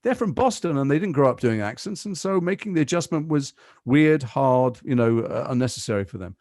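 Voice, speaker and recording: An English man in his fifties, a guest actor in a podcast interview, telling stories quickly with lots of asides. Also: medium pitch, dry recording, studio quality. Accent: English, Liverpool and London mix. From England. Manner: fast, animated storytelling with asides.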